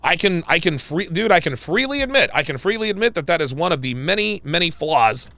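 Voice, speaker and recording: A man hosting a livestream, telling a story in an animated, emphatic way and repeating his points. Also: a little high, a little fast, no room sound. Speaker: livestream host. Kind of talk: livestream commentary.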